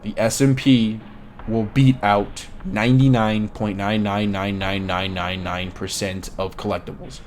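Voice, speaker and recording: A man's voice: lowish voice, level tone, unhurried, slight background noise. A man giving casual, opinionated commentary as a video creator, blunt and swearing freely.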